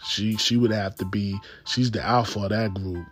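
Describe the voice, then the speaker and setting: A man's voice: on the low side, fairly even intonation, moderate pace, faint music behind. A stoned man rambling in a casual, slangy monologue, often losing his thread. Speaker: podcast host.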